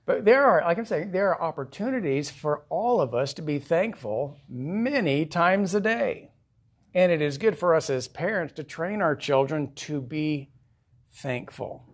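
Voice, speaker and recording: A man's voice: fairly high pitch, lively intonation, unhurried. A male pastor preaching a sermon in a conversational way, asking his congregation questions.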